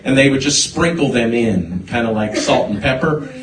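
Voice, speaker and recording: A man preaching a sermon, telling a personal story with halting restarts before building to emphatic points. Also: mid-range voice, expressive, crowd noise. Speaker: pastor. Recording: echoey hall, voice from a distance.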